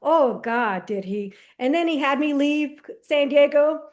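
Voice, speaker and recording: Woman guest, lively storyteller, high voice, casual slang, acts out conversations. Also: a little slow. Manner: animated storyteller who acts out dialogue. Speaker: podcast guest. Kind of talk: personal testimony in casual conversation.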